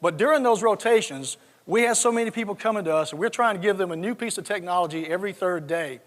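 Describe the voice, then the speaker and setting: A man's voice: high voice, fast, fairly bright tone. A man in his sixties from South Georgia with a Southern accent, telling folksy, joking stories in a keynote speech. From South Georgia, USA. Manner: folksy, joking, repeats words when starting a thought. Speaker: conference speaker. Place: large conference hall. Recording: reverberant conference hall.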